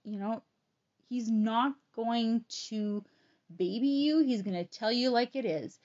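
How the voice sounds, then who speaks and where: A woman telling a personal story in a blunt, profane and animated way. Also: on the high side, slow, dry recording, dull audio.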